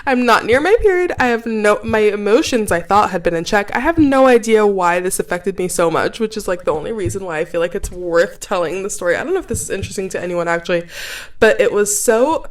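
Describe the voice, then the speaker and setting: A woman's voice: mid-range voice, brisk. Chatty young woman telling a story. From Cameroon. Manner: chatty, animated, heavy use of "like". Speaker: podcast host. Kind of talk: casual storytelling.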